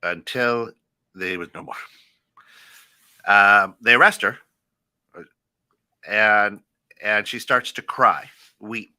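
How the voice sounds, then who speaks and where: Low-voiced, halting American man. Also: pushed and bright, smooth, dry recording, studio quality. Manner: halting, many fillers and restarts, laughs often. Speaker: co-host. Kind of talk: casual radio talk.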